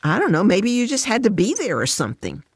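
A woman's voice: mid-range voice, wildly swooping pitch, fast, slightly rough, dry recording, clean studio sound, voice pushed up, full character voice. A woman voicing a patient female friend who speaks carefully and soothingly. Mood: cautious, caring.

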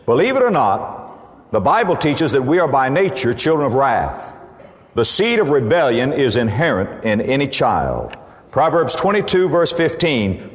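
Preacher with a lively, soaring voice. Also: male voice. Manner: emphatic preaching, rising to high excited peaks on key phrases. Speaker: pastor. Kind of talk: sermon. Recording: long reverb of a large hall.

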